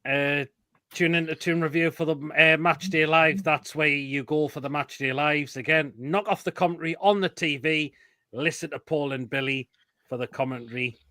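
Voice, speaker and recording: A man's voice: a little high, steady tone, normal speed, bright, forceful tone, no echo. A man hosting a casual live stream, reading out comments and crude jokes about food photos. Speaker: host.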